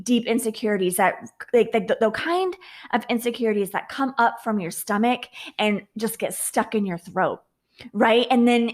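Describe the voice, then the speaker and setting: Earnest woman coach, higher voice. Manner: earnest, confessional, repeats words and restarts often. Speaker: confidence coach and podcast host. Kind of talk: personal reflective monologue.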